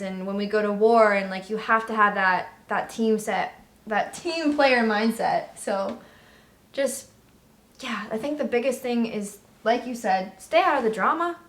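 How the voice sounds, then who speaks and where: A woman's voice: medium pitch, measured pace, fairly bright tone. Bubbly young woman telling stories. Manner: bubbly, laughs a lot, storytelling. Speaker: Navy veteran vlogger. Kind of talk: casual chat.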